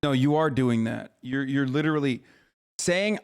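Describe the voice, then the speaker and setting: A man's voice: mid-range voice, moderate pace, smooth. A man in his thirties from the United States, reacting to a clip on a live stream in a loose, incredulous, mocking and profane way. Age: 30s. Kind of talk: casual live-stream commentary.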